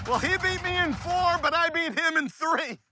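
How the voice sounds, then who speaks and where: A man's voice: very high voice, moderate pace, noisy background. A middle-aged man co-hosting a car show, chatting casually and commentating, enthusiastic and laughing. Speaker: show co-host. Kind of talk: casual chat and race commentary.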